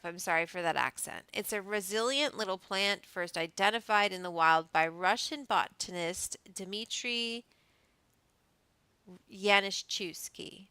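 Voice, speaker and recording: A woman's voice: medium pitch, a little slow, bright, forceful tone, clean tone, no echo, rough recording. A woman hosting a casual show, reading notes aloud and breaking off into chatty asides. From Canada. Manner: reads notes aloud then riffs off-script with asides. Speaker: host.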